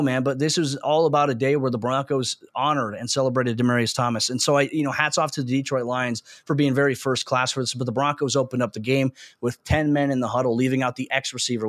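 A man's voice: mid-range voice, no echo, clean studio sound. A man hosting a sports podcast in casual chat, talking in an earnest and emotional way.

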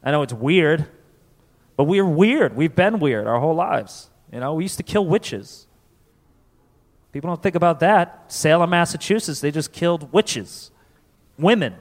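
Stand-up comedian man, lively pitch, fairly high voice, live club, long reverb. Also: unhurried. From Connecticut. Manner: loose, self-mocking, animated delivery with voices.

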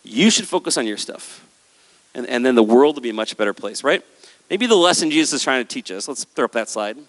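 A man preaching a sermon on stage with a handheld microphone, animated and acting out the voices of listeners and Jesus. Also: medium pitch, a little fast. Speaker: pastor. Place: large hall with a stage. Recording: hall with long reverb.

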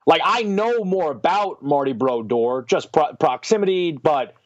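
A man's voice: a little high, unhurried, no echo, lo-fi sound. A man guesting on a sports podcast, chatting casually and poking fun at himself. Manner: self-deprecating, animated.

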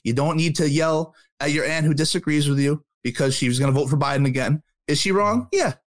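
A man in his early thirties co-hosting a talk radio show, telling a story in a quick, animated way that builds up steam. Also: a little high, no room sound. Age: 30s. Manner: animated, quick storyteller who gets worked up.

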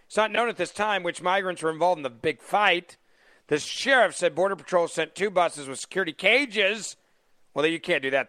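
A man's voice: sits high, animated, brisk, bright, forceful tone, no room sound. A man hosting a talk radio show, mocking the news with heavy sarcasm and taking calls from listeners.

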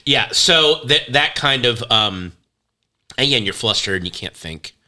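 Man, middle-aged, very bright tense voice, casual rambling banter. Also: medium pitch, expressive, measured pace. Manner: rambling comic riffs with self-interruptions. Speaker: podcast co-host. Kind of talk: casual chat.

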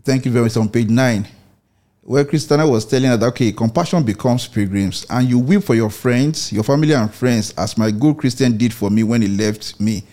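Male study-group leader, mid pitch, reflective, halting delivery. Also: dark tone. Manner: reflective, many fillers and restarts. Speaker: book club leader. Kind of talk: online Bible study discussion.

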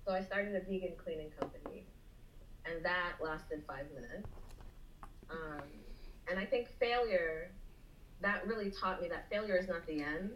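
A woman's voice: on the low side, measured pace, dull audio. A woman from South Florida, a small business owner, telling her story as a podcast guest and acting out quoted voices. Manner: animated, acts out quotes. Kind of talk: interview storytelling. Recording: echoey room with faint noise.

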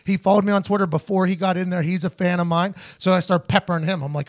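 High-voiced animated man telling a story. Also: fast, vocal fry. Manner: animated, profane, acts out both sides of conversations. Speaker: podcast host. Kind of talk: casual storytelling chat.

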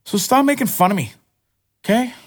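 A man's voice: extremely high pitch, lively intonation, brisk. Rambling, foul-mouthed man in his forties. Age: 40s. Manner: profane, rambling, self-mocking banter. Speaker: podcast host. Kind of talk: solo podcast monologue. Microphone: podcast microphone.

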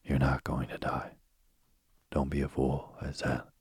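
A man narrating a ghost story aloud in a hushed, often whispered delivery. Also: completely flat delivery, measured pace, no echo. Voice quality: very deep, husky voice.

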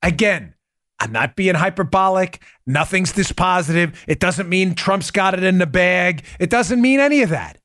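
A male podcast host with a high, lively voice that leaps up and down as he drives each point home. He talks straight to his listeners, repeats key phrases for punch and breaks into laughter often. The sound is close and dry, with no room around it. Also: normal speed, no room sound. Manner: addresses listeners as "folks". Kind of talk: political commentary podcast.

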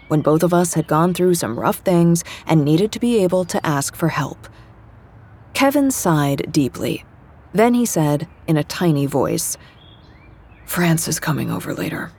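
A young woman reads a first-person story with wry, conversational ease. Her voice is low and breathy-husky, and her telling stays relaxed and dry. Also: measured pace. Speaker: narrator. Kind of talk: scripted fiction narration.

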